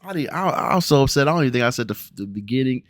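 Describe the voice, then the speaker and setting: A man's voice: mid-range voice, lively intonation, very fast, no echo, studio quality. A man from the Cincinnati area with an American accent, ranting bluntly and with plenty of profanity in a casual show review, putting on mock voices. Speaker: TV review vlogger.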